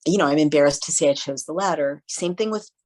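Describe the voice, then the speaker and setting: A woman guest in a casual interview, telling stories in an animated way and acting out the voices of people she quotes. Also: low-pitched, fast, low-quality recording. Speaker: podcast guest.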